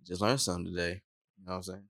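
A man co-hosting a podcast, chatting casually in a laid-back, soft-spoken way and dropping his voice low. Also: fairly even intonation, rapid-fire, no room sound, studio quality. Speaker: podcast co-host. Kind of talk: casual chat.

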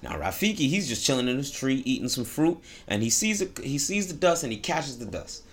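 A man's voice: medium pitch, big pitch swings, a little fast. A man casually retelling a story in slang, breaking off into preachy asides about hope. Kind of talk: casual storytelling with a moral message.

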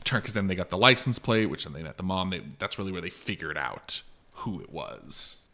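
Rambling man with a lowish voice. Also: expressive, fairly quick. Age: adult, long married. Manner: rambling, heavy on "like", acts out quotes with big jumps in loudness. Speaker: podcast co-host. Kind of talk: casual film discussion.

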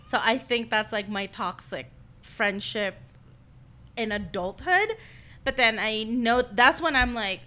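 A young woman co-hosting a podcast casually tells a story about a friend, acting out what people said and quoting others along the way. Her voice is fairly high and sharp in tone, and she takes her time.

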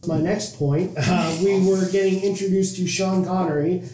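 A man's voice: sits high, fairly even intonation, normal speed, dark tone, a little hiss or hum. A man co-hosting a casual movie podcast, rambling and joking, often restarting his sentences. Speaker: podcast co-host. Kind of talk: casual chat. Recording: echoey room.

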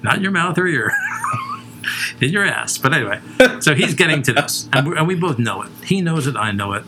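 A man's voice: a little high, animated, brisk, bright, forceful tone, a little hiss or hum. A man co-hosting a comedy show, rambling through crude stories with lots of swearing and laughing at his own jokes.

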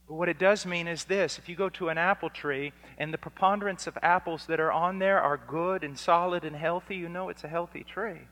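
Bright-voiced preacher guy, slightly high, slow and emphatic, loud then hushed, hall echo. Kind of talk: sermon. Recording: hall reverb.

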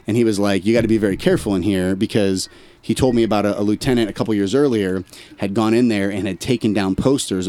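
With a dark tone and a voice on the low side, a man who served in the army tells a lengthy story as a podcast guest. He keeps it casual, loose and slangy, like a conversation.

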